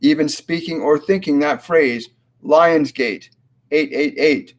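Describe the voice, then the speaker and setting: Slow, halting male spiritual medium. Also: fairly high pitch. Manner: halting, with many fillers and restarts; slow, measured delivery when relaying messages. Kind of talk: live-stream Q&A reading.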